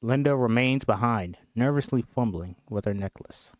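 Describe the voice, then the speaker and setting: A man's voice: mid-range voice, normal speed, few pauses, no room sound, clean studio sound. A man casually reading a horror screenplay aloud, joking and chatting between scenes. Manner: chatty, laughs, jokes and apologizes between lines. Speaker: script reader. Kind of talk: casual script reading with commentary.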